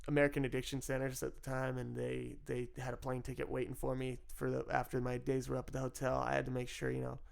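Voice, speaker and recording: A man's voice: mid-range voice, completely flat delivery, fast talker, creaky, few pauses. A man telling a personal story in a casual, self-mocking way, swearing freely and laughing often. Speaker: storyteller recounting his addiction.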